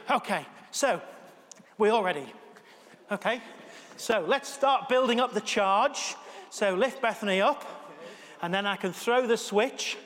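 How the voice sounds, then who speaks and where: A man with a fairly high voice leads an all-age church service as pastor, joking with volunteers and cheering them on through a hands-on demonstration. The church has a long, echoing reverb. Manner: jokey, energetic, cheering people on. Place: church hall.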